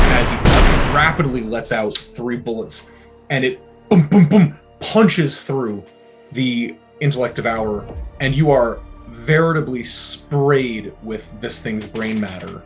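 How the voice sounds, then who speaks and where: With music in the background, a game master leads a tabletop session. His voice is mid-range and slow-paced, and his relaxed, descriptive narration is packed with filler words.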